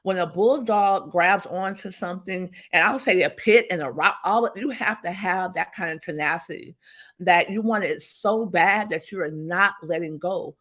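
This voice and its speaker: A woman guest, a business strategist, talking emphatically and telling animated stories in an interview. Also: on the low side, normal speed. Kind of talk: motivational interview talk.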